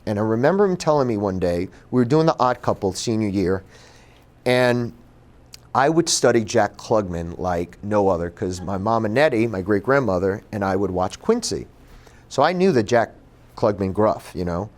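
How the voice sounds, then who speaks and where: A man giving a personal storytelling talk at a bookstore event, animated and acting out the voices he quotes. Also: on the low side, moderate pace. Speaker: author and speaker.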